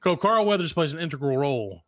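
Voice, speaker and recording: A man's voice: on the high side, big pitch swings, fast, a bit bright, no echo. A man co-hosting a podcast in casual chat, joking around and slipping into goofy impressions. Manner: jokey, breaks into goofy impressions. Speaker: podcast co-host.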